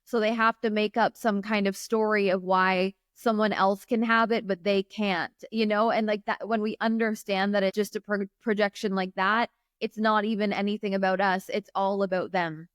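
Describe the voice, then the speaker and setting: Smooth-voiced woman business mentor. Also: medium pitch, level tone, normal speed, hardly any pauses, dry recording, clean studio sound. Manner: reflective, earnest, filler-heavy with "like". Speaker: business mentor, podcast guest. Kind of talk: casual interview chat.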